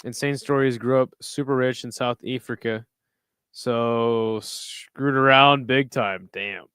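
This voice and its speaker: A man's voice: mid-range voice, fairly even intonation, slow, fairly bright tone, clear, resonant tone, no room sound, studio quality. Sarcastic young man reading chat. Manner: sarcastic, talks back to chat messages. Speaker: livestream host reading chat. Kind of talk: casual watch-along commentary.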